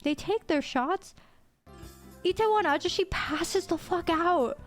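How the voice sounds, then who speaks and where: Very high-voiced young woman telling stories. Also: measured pace, soft background music. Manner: animated, breaks into laughter, casual swearing. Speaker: VTuber streamer. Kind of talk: casual storytelling on stream.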